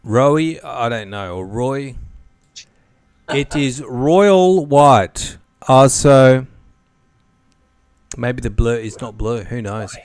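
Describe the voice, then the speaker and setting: A man's voice: medium pitch, extremely slow, long pauses, darkish tone, smooth, no room sound. A man hosting a casual podcast quiz game, reading clues and joking as he hints at the answers. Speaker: quiz host.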